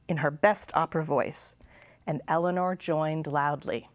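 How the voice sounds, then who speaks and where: A woman's voice: on the low side, measured pace, no echo. A woman, a children's librarian, reading a picture book aloud at storytime. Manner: expressive, sing-song.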